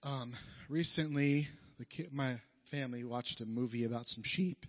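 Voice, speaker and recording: A man leading worship, talking informally between songs in a soft, halting way with many fillers. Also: mid-range voice, dull audio. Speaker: worship leader.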